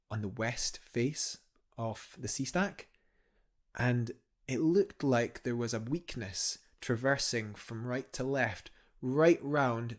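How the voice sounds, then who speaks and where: A young man, a guest climber, telling a story eagerly in a casual interview, rambling with fillers and restarts. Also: mid-range voice.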